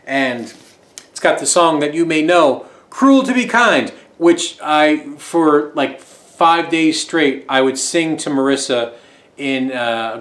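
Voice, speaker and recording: A man's voice: on the high side, echoey room. A man casually talking through his record collection, rambling and joking as he goes. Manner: rambling, chatty, jokey asides.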